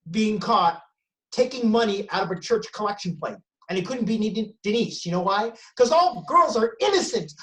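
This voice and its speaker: A man doing stand-up from home during lockdown. He swears freely and delivers punchy lines with sudden emphasis, often correcting himself mid-sentence. The sound comes through a video call. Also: high voice. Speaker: stand-up comedian. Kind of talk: stand-up comedy set. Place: at home, self-isolating.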